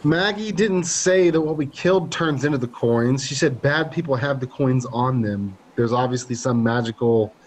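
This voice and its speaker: A man's voice: mid-range voice, normal speed, hardly any pauses, a little hiss or hum, rough recording. A man playing in a live tabletop game, earnestly arguing rules and pushing the party forward. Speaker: player.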